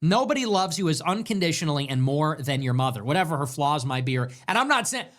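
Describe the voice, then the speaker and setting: Male host, somewhat high voice, animated delivery, emphatic and repetitive monologue. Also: fast talker. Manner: emphatic, repetitive, rhetorical questions. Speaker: show host. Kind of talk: political commentary monologue.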